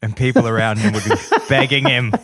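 A man with an Australian accent hosting a podcast, trading quick jokes in casual chat. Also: mid-range voice, fairly even intonation, fairly bright tone, slight background noise. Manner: joking, quick banter. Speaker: podcast host.

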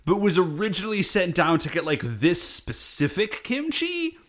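A man co-hosting a casual chat, telling the story in an animated, incredulous way. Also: high-pitched, moderate pace. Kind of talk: casual chat recapping a show.

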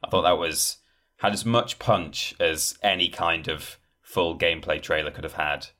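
A man's voice: low-pitched, moderate pace, pushed and bright. A man in casual podcast chat, rambling with many fillers and acting out quoted lines. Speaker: podcast guest discussing game trailers.

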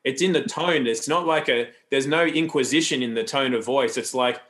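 A man's voice: medium pitch, normal speed, a bit bright. A man talking as a podcast guest, loose and rambling, with frequent restarts and asides. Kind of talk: casual interview talk.

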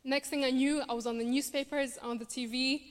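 Scottish woman in her 20s, high voice, telling her story on a big theatre stage, long hall echo. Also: steady tone, fairly quick. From Somalia. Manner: earnest storytelling with dry humor. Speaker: refugee campaigner speaking at a charity show. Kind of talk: personal story told on stage.

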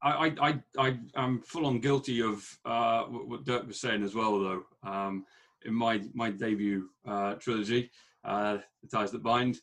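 A man who writes books, co-hosting a casual podcast about writing. He stammers as he starts his points and grows animated when a point bothers him. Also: fairly low pitch, a little slow. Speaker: author, podcast co-host.

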